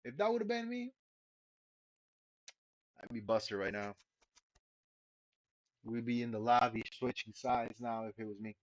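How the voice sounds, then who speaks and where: A man's voice: mid-range voice, expressive, a little slow, long pauses, no echo. A man giving casual live commentary while streaming a game, laid-back and profane, sighing often. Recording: dull lo-fi stream mic.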